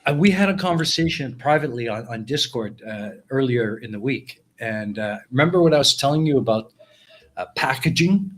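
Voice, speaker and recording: A man's voice: mid-range voice, lively intonation, fairly quick, fairly bright tone. Friendly guy hosting a live stream, casual chat, medium voice. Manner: friendly, greets chat viewers by name.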